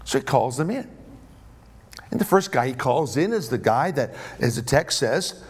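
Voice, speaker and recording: A man preaching a sermon in an animated way, often checking in with his listeners. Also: medium pitch, normal speed, husky. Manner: animated, asks the audience questions.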